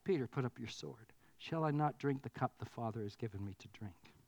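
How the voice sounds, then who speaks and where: A preacher quoting a hushed, grave teacher. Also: medium pitch, brisk, gravelly, pitched below the performer's own voice. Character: calm, sorrowful man facing his arrest.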